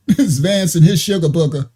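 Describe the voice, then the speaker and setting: A low, dark, husky female voice belongs to a host running a reaction livestream from her computer. She shares her screen and keeps up chatty mockery, frequent laughter and plenty of slang.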